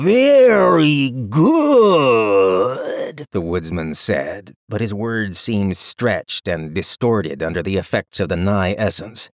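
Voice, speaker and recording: A man narrating a fantasy audiobook in an expressive, dramatic storytelling style on a close studio mic. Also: sits low, no echo. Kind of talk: scripted narration.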